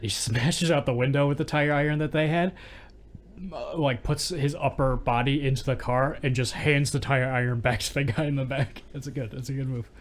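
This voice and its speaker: A man's voice: medium pitch, steady tone, moderate pace, slight background noise. A man co-hosting a movie podcast, eagerly recounting his favourite scenes in casual chat. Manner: enthusiastic, acts out favourite lines. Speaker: podcast co-host.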